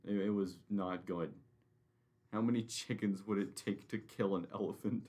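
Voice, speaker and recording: A man's voice: low-pitched, fairly even intonation, normal speed, a little mellow. A young man co-hosting a crude podcast, swearing, joking and laughing often. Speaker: podcast co-host. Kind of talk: crude casual podcast chat.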